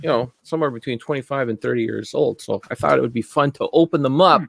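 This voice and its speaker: A man co-hosting a live online collecting chat, talking in a relaxed, halting way with many pauses and fillers over a video call. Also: mid-range voice, vocal fry, no room sound. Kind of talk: casual chat.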